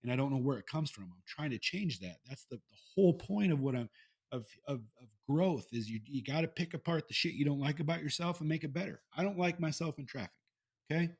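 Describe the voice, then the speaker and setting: A man's voice: a little high, expressive, brisk, darkish tone, breathy edge. A man hosting a solo podcast, talking casually and candidly with plenty of swearing and restarts. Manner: candid, profane, rambling with restarts. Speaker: podcast host. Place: Iowa.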